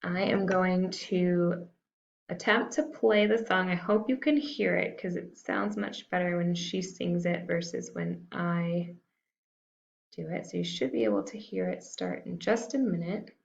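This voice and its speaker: A woman teacher explains a lesson in a casual, self-deprecating manner, her low voice gravelly with fry. The sound is dull and lo-fi, like a computer mic on a screen recording. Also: expressive, unhurried. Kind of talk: recorded classroom lesson walkthrough.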